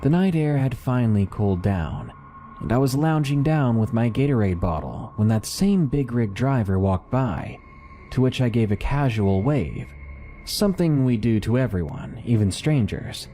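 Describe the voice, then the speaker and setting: A man giving scripted narration of submitted horror stories, with lively, dramatic storytelling. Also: medium pitch, normal speed, faint music behind.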